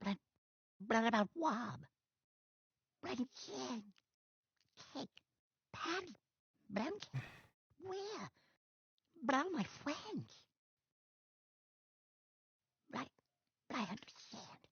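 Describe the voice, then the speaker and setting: A woman's voice: high-pitched, big pitch swings, slow, long pauses, husky, no echo, highs cut off, heavily acted. A woman voicing a tiny male cartoon chef creature who stammers and pleads through tears. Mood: heartbroken.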